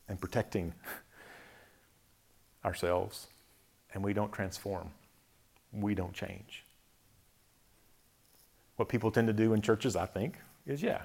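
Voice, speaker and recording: A man giving a reflective talk on faith, thoughtful, often chuckling softly and listing words slowly. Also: fairly low pitch.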